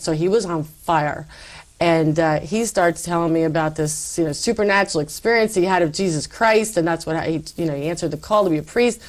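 A woman guest telling her faith story in an interview, animated and acting out her past self. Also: on the low side. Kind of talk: personal faith testimony.

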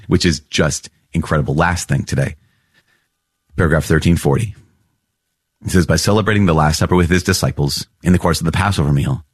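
A man hosting a podcast, reading and reflecting on catechism paragraphs with earnest, animated storytelling. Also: rumbling low, breathy edge, no room sound, studio quality. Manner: earnest, animated storytelling with laughs and repeated phrases. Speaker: priest podcast host.

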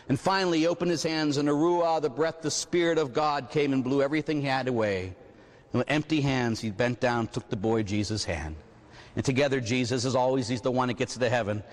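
A man preaching at a retreat, telling a story with animated delivery and frequent rhetorical asides. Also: mid-range voice, brisk. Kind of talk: storytelling sermon. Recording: long echoing hall reverb.

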